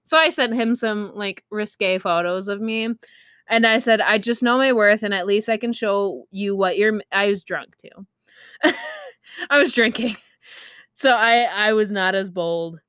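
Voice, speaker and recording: A woman's voice: medium pitch, measured pace, a bit bright, smooth, no echo, clean studio sound. A young woman telling a candid, chatty story about her own life, full of fillers, and laughing at herself. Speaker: streamer. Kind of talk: casual storytime.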